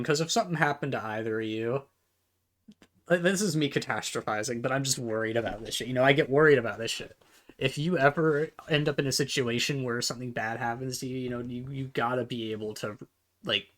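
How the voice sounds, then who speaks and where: A man's voice: medium pitch, a bit bright. A man hosting a reaction video, ranting in casual commentary, exasperated and swearing a lot, stumbling over repeated words as he reads posts aloud to himself. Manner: talks to himself while reading posts aloud.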